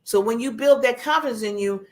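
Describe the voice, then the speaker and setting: Animated woman host giving a pep talk. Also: on the high side, a little fast. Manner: animated, acts out contrasting voices; conversational, laughs at herself. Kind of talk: motivational talk.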